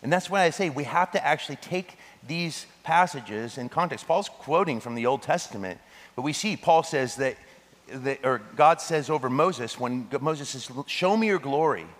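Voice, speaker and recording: A man preaches to his congregation, animated and quick to break into jokes and laughter. His voice sits mid-range for a man. The sound carries a long reverb from a large hall. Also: medium pitch. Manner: animated, joking asides with laughter. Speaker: pastor. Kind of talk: sermon.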